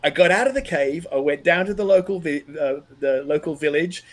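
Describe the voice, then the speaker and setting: A man's voice: fairly high pitch, brisk, natural voice. A man putting on a laid-back old American surfer dude. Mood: matter-of-fact.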